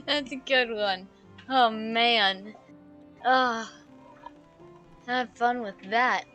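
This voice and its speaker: Chatty bright-voiced woman streamer. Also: a little high, drawn-out words, long pauses, soft background music. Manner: chatty, thinks aloud, jokey. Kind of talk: casual gameplay commentary.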